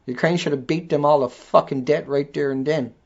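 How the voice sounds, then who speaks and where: High-pitched guy ranting mad and swearing nonstop, muffled lo-fi recording. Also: fairly even intonation, brisk, darkish tone. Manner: furious, profane, repetitive tirade. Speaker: video blogger. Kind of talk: angry ranting monologue. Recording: dull lo-fi recording.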